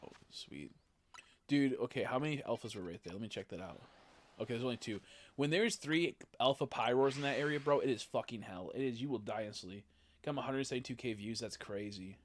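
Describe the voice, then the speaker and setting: A male game streamer with a mid-range voice, talking off the cuff as he plays. He rambles, swears freely and jumps into quick excited reactions. A faint hiss of noise sits under his voice. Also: medium pitch. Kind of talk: casual live-stream commentary while playing.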